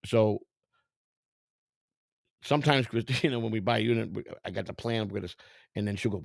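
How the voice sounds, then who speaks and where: Middle-aged host, gravelly and streetwise, rambling profane commentary, dry close sound. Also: male voice, lowish voice, fairly quick, pauses often, no room sound. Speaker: vlog host browsing storage auctions. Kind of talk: casual commentary.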